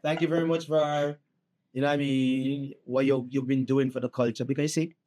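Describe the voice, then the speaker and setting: A man's voice: mid-range voice, flat delivery, a little fast, mellow. A man from Jamaica with a Jamaican accent, a reggae musician chatting casually as an interview guest, laid-back and often saying "you know what I mean".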